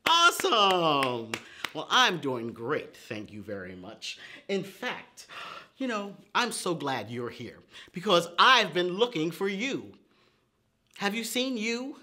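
A man leads a storytime for small children in a slightly high voice that swoops up and down a great deal. He talks slowly and deliberately, playful and exaggerated, with gasps and whoops. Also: sing-song, bright, forceful tone. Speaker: children's librarian leading storytime. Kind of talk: preschool storytime lesson.

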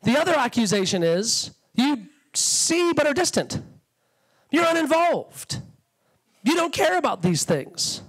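High-voiced, lively male preacher. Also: unhurried, low-quality recording. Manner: passionate, conversational preaching with acted-out quotes. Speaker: guest preacher. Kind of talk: sermon. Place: church sanctuary.

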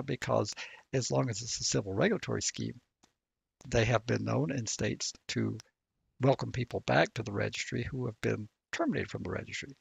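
A man with a Southern accent, co-hosting a podcast and explaining legal points in a measured, lawyerly way with a gravelly voice. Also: mid-range voice, dry recording. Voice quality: gravelly, husky voice. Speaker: legal expert co-host. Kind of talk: casual legal discussion podcast.

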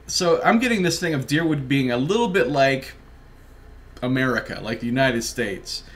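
A man's voice: mid-range voice, animated, moderate pace. A man giving casual, joking let's play commentary while chatting with his viewers. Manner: chatty, joking, talks to chat. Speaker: gaming livestreamer.

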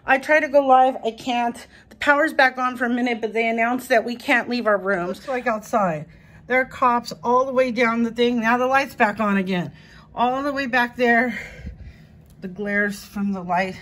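Panicked high-voiced woman, crying in a hotel room. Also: normal speed. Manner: panicked, rambling, swearing. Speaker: vlogger. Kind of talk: casual phone vlog. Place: dark hot hotel room.

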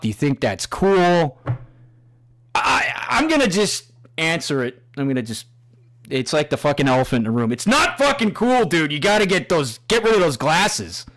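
A man hosts a loud, mocking rant, swearing in nearly every line and laughing at his own jokes. His pitch swings widely as he talks, from grumbling lows to sudden high exclamations. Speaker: host. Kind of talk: profane ranting commentary.

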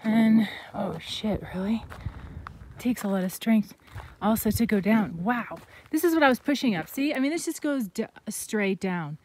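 A woman's voice: mid-range voice, animated, moderate pace, a little mellow, a little hiss or hum. Exasperated woman vlogging on a mountain trail. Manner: breathless, exasperated self-talk, swearing. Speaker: adventure vlogger. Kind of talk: casual talk to camera. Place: steep mountain trail outdoors. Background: music.

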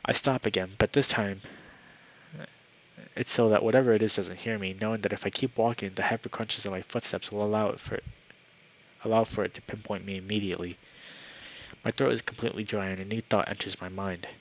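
A man reading a visual novel aloud in first person, with a steady storytelling delivery that slows for tense moments. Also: lowish voice. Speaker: channel host. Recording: dull lo-fi with faint hiss.

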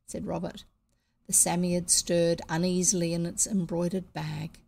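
A woman with a New Zealand accent reading a children's novel aloud, pausing to fix slips and add casual comments. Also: lowish voice, level tone, creaky, a little mellow. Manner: unpolished, stops to correct slips and comment. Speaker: audiobook reader.

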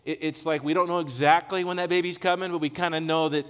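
A man's voice: a little high, steady tone, quick pace, a bit bright, smooth, long reverb tail. A man preaching a sermon as pastor, talking in a conversational, emphatic way with casual asides to the congregation. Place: large church hall.

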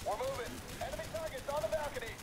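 A man's voice: very high-pitched, rapid-fire. An actor playing a terse male squad leader giving clipped military orders, heard as game audio over battle noise. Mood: commanding. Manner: clipped military radio calls.

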